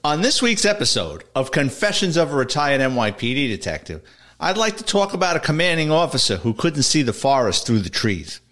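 A man's voice: on the high side, sing-song, brisk, a bit bright. Blunt older retired male detective. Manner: plain-spoken, blunt anecdote telling. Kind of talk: storytelling radio segment.

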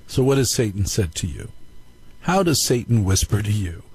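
A man's voice: fairly low pitch, big pitch swings, moderate pace, vocal fry, a little mellow, husky, poor audio. A man hosting a live call-in radio show, telling stories in a playful, joking way. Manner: playful, jokey storytelling. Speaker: radio talk show host.

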